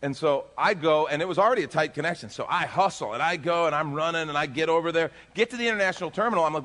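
A male pastor telling a lively story in a sermon, acting out the people in it. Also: a little high, racing, few pauses. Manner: animated, acts out dialogue in his story.

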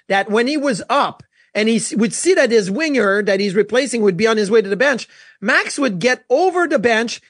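A man with a high voice co-hosting a sports show, recorded dry and close. He tells hockey stories with animated energy. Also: slightly rough, no room sound. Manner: storytelling, animated. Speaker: co-host, former goalie. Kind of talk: casual sports chat.

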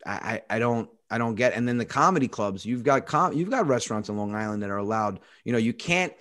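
A man chatting on a podcast in a middle-pitched voice. He tells stories bluntly and with lots of profanity, in an easy, casual way. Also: lively intonation, fast, a bit bright. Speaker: podcast host.

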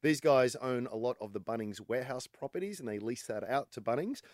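A man's voice: medium pitch, fairly quick, no room sound, studio quality. Easygoing Australian man, chatty. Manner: relaxed, chatty, self-deprecating. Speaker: investment adviser, co-host. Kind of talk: casual finance podcast banter.

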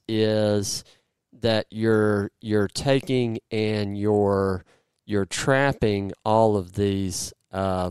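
A man's voice: lowish voice, darkish tone, smooth, dry recording. A man hosting a casual podcast, joking around and rambling a bit as he searches for his words. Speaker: podcast host. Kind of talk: casual podcast chat and interview.

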